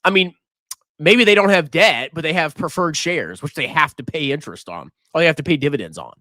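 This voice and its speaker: A man's voice: a little high, animated, a little fast, pushed and bright, dry recording, studio quality. A man hosting a live finance stream, reading viewer messages and mocking them with frequent laughter. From United States. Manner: teasing, mocking, laughs often. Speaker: livestream finance host.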